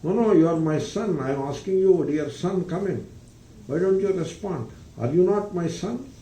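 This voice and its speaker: A man's voice: high voice, lively intonation, moderate pace, mellow, a little hiss or hum, pitched above the performer's own voice. A man voicing an elderly king who coaxes and pleads with his son, insistent and questioning. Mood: pleading. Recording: roomy, distant mic, faint ambience.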